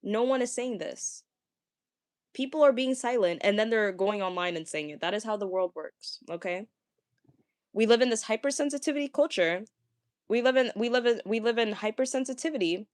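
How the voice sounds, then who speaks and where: A young woman talking casually, ranting to viewers, stammering and repeating words, with a fairly deep voice for a woman. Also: animated, moderate pace, no echo, studio quality. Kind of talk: casual rant.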